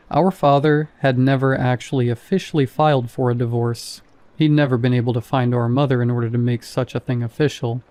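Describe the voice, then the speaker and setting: A man narrating a first-person horror story in a calm, measured reading. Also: medium pitch.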